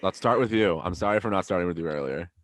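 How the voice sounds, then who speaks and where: A man's voice: low-pitched, quick pace, dry recording, clean studio sound. A young man hosting a podcast, telling stories in casual chat and swearing freely. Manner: animated storytelling, swears freely. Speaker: podcast host.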